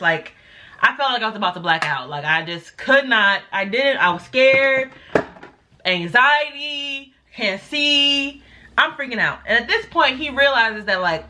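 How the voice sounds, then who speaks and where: A woman's voice: unhurried, noisy background. A young woman vlogger telling a story casually, acting out quotes with big jumps in her voice. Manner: animated, acts out quotes with big pitch jumps.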